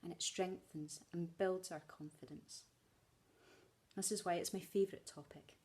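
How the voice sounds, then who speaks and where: A Scottish woman teacher talks to her new class in a chatty, playful way and loves slipping in puns. Her voice sits a little low. She is outdoors on a walk as she talks. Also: fairly even intonation, normal speed, a little mellow. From Scotland. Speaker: primary school teacher. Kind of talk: welcome video to pupils.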